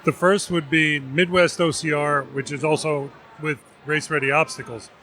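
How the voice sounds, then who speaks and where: A man from New Jersey, representing vendors, explaining things in a measured way. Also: fairly high pitch, steady tone, pushed and bright. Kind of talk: casual interview.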